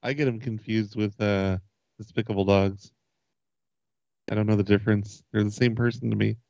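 A man co-hosting a casual comedy show, joking in a deadpan way. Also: fairly low pitch, moderate pace, vocal fry, no room sound, dull audio. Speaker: podcast co-host.

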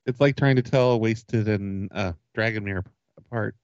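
Deadpan guy cohost, lowish voice, dry dull mic. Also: normal speed, clear, resonant tone, no echo. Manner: deadpan joking. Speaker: podcast co-host. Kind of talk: casual comedic chat.

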